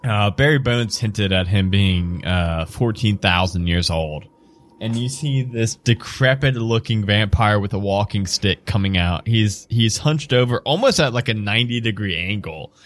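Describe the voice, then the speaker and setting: A man narrating a tabletop game as game master, relaxed and laughing, with many fillers. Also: fairly low pitch, normal speed.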